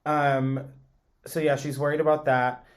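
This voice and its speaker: A man co-hosting a podcast, recapping a TV drama in relaxed chat, chiming in and laughing along. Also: fairly high pitch, measured pace. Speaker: podcast co-host.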